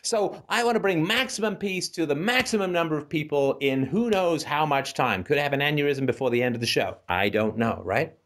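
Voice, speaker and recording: A man's voice: on the high side, a little fast, hardly any pauses. A man hosting a call-in talk show, delivering a casual ranting monologue full of rhetorical questions. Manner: animated, rhetorical, keeps asking "right?".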